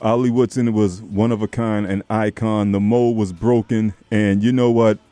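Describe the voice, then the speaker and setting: A man's voice: fairly low pitch, normal speed, dry recording, faint music behind. A man hosting a live radio tribute call-in, talking affectionately and calling his callers baby and darling. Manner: affectionate, lively, calls people baby and darling. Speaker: radio host.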